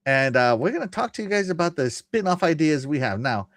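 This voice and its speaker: A man's voice: a little high, big pitch swings, brisk, fairly bright tone, no room sound, studio quality. A man hosting a podcast, casually chatting and reading chat messages aloud with frequent laughter. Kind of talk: casual live-stream chat.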